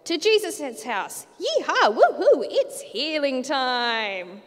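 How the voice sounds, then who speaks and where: Woman doing four whooping excited storybook buddies, loud and swoopy, echoey hall. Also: fairly high pitch, slow, exaggerated voice. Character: four rowdy cheering friends in a storybook.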